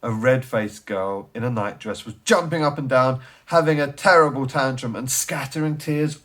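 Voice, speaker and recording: A man reading a children's story aloud, animated and theatrical, dropping to a hush and then rising to excited bursts. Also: medium pitch, normal speed, hardly any pauses. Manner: animated, swings from hushed to loud and excited.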